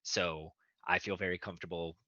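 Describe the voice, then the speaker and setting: A man's voice: low voice, level tone, a little fast, pushed and bright, no room sound. A man on a tabletop gaming panel, chatting casually in a rambling, self-deprecating way with lots of fillers, recorded with dull, muffled audio. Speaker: tabletop game player, panelist.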